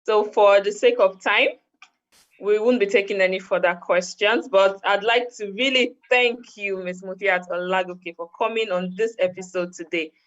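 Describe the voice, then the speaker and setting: A woman's voice: medium pitch, fairly even intonation, moderate pace. A woman host with a mid-range voice closes the show, thanking her guest and naming the sponsors. Her delivery is polite and formal, and the recording is dull and lo-fi. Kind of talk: formal sign-off. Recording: dull lo-fi sound.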